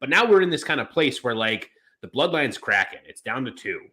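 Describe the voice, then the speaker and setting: A man's voice: medium pitch, very animated, a little fast, bright, forceful tone. A man co-hosting a wrestling podcast, talking casually in long rambling turns full of fillers and restarts. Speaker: podcast co-host.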